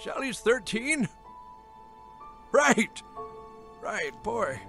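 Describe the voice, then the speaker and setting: A man voicing a forgetful elderly grandfather in a cartoon, who talks slowly and haltingly and trails off. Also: extremely high pitch, big pitch swings, gravelly, pushed and bright, soft background music, heavily acted. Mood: fond. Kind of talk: cartoon voice acting.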